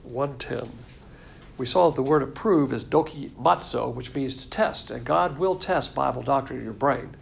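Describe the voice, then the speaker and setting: Gravelly man giving a folksy Bible study. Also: mid-range voice, normal speed. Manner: folksy, blunt, conversational. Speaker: Bible teacher. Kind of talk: casual sermon.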